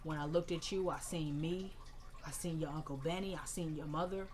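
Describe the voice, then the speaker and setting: A woman voicing a grieving grandmother who speaks softly and tenderly over a casket while retelling a TV scene. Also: fairly even intonation, moderate pace, slight background noise, natural voice. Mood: tender grief. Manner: hushed, tender, low.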